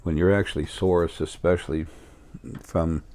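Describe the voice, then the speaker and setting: A man's voice: low-pitched, fairly even intonation, normal speed, a little mellow, slight background noise. A middle-aged man with a New York accent talking in a rambling, casual monologue full of fillers and restarts. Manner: meandering, many fillers and restarts. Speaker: spiritual video host.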